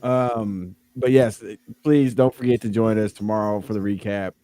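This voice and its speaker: Wrapping up his podcast, a host speaks in a fairly low, warm, smooth voice with fairly even intonation at normal speed and no echo. The casual sign-off is loose, rambling and jokey, peppered with lots of ums.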